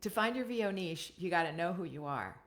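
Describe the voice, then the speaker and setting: Over a live video stream from a computer webcam, an American woman gives casual voiceover coaching in a fairly low, expressive voice. She talks fairly quickly and chattily, often ending points with "right?"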